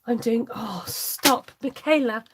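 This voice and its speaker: A woman's voice: a little high, takes it slowly, noisy background. A woman hosting a live craft tutorial, chatty and giggly as she reads out viewer comments. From United Kingdom. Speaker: crafting channel host.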